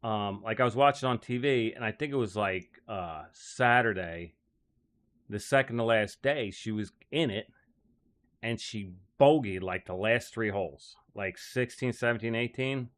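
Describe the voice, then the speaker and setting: A man's voice: on the low side, measured pace, fairly bright tone. A man telling casual stories about his time as a caddie. He rambles, says "like" often and laughs as he goes. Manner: rambling, heavy use of "like", frequent laughs. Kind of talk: casual storytelling.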